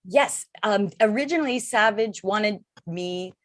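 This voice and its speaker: A woman's voice: mid-range voice, a little slow, dry recording, studio quality. A middle-aged woman, an actress guest in a casual interview, talking in a chatty, rambling way with many fillers.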